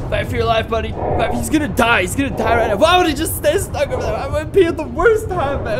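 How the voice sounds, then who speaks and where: A young man commentating his game play, excitable and profane, often yelling at the screen. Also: very high-pitched, fast, hardly any pauses, heavy background noise. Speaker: gaming YouTuber.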